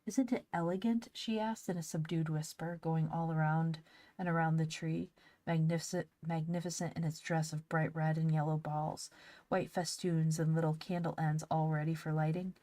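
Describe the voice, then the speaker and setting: Casting note: audiobook narrator, woman, low voice, close dry mic. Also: little pitch movement, moderate pace, mellow, no echo. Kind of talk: reading a classic novel aloud.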